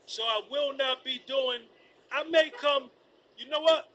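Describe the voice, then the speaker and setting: High, bright-voiced man streaming live. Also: measured pace, dull audio. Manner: animated, repetitive, sings snatches. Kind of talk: rambling casual commentary.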